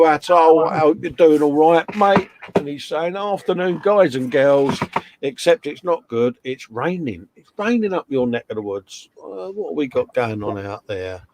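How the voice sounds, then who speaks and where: A man's voice: mid-range voice, background noise. A man with a British accent co-hosting a casual live stream, reading out viewer comments and trading slangy jokes from a home workshop. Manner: jokey banter with slang.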